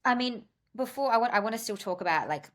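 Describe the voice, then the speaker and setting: A woman's voice: on the high side, expressive, quick pace, a bit bright. A woman hosting a casual interview, asking long, rambling questions full of fillers. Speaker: interviewer, channel host. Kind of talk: conversational interview.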